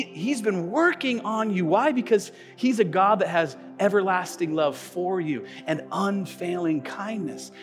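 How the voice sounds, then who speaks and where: A man preaching a sermon as pastor, telling stories with animation and swinging between loud, emphatic lines and hushed ones. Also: sits high, long reverb tail. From United States. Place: church sanctuary.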